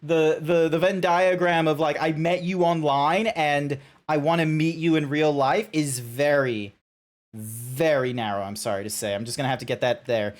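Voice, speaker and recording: A man's voice: on the high side, fairly even intonation, normal speed. A young Australian man chatting casually while streaming a game, rambling with restarts and frequent swearing.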